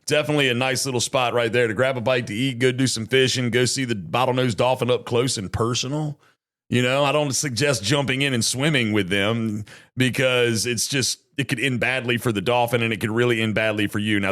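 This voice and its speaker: Man, co-host, folksy, upbeat, sponsor plugs, mid pitch. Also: brisk, fairly bright tone. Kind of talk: casual chat with sponsor reads.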